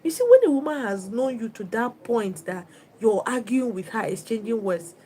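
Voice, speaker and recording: A woman's voice: a little high, expressive, normal speed, dark tone, a little hiss or hum, poor audio. Emphatic woman giving advice. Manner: emphatic, repetitive, instructive. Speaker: relationship advice host. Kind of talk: livestream advice talk.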